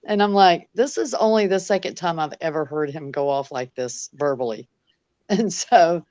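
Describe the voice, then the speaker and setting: A woman's voice: low voice, moderate pace, dry recording. Laughing woman telling a story. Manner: animated retelling, laughs often, many fillers. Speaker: guest. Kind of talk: casual storytelling.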